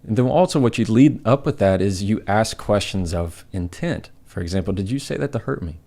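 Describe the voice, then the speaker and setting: A man as a podcast guest, calmly explaining advice and acting out example dialogue. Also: lowish voice, fairly quick. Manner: steady, acts out example dialogue. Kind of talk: conversational advice.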